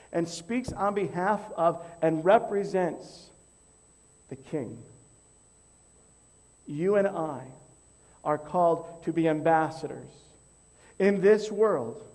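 A man preaching as a pastor, teaching in a measured, emphatic way and counting off numbered points. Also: on the high side, a little mellow. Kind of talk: teaching sermon.

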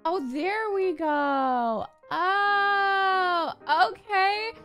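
Sassy, high-voiced young woman gamer. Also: very slow, faint music behind. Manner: sassy, profane and excitable, frequent gasps. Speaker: gaming YouTuber. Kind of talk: gameplay commentary.

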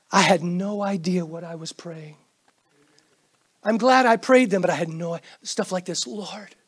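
A middle-aged pastor preaching a sermon in church, swinging between loud bursts and hushed asides and acting out quoted prayers and greetings. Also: male voice, sits high. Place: church sanctuary.

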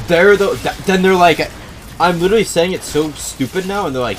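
Animated man streaming a game. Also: high voice, unhurried, faint music behind. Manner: animated, incredulous, thinks aloud. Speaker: gaming streamer. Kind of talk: live gameplay commentary and chat reading.

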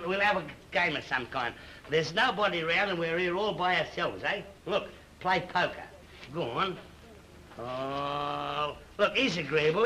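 A cheeky working-class king, all slang and bluster. His voice sits high and sounds very bright and sharp, rattling on in old-time film comedy fashion. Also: slight background noise, rough recording. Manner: chatty, bossy, full of slang. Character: excitable working-class man made king, cheeky and boisterous.

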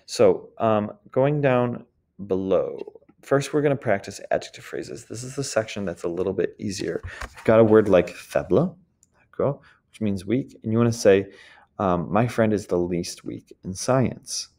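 A man teaching a French grammar lesson in a casual way, often checking in with "d'accord?" and slowly modeling the words. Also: fairly low pitch, lively intonation, creaky, mellow.

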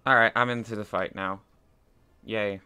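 A man's voice: fairly low pitch, steady tone, normal speed, sharp tone, a little hiss or hum. A man in casual gaming chat, giving self-deprecating running commentary on a headset mic. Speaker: speedrunner.

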